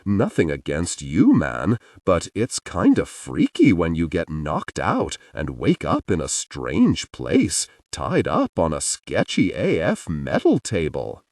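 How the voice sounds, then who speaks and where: A gushing, tipsy young man, voiced by a male audiobook narrator, all giddy feels and near tears. His low voice swoops all over as he drags the words out. Dry, close studio sound. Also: wildly swooping pitch, takes it slowly, hardly any pauses, a little mellow, no room sound, distant mic, exaggerated voice. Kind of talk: audiobook character voice.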